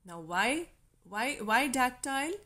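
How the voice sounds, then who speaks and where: A woman with an Indian English accent giving a recorded literature lecture, slowly sounding out stressed and unstressed syllables. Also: high voice, expressive, pushed and bright. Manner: slow, deliberate, stresses syllables aloud.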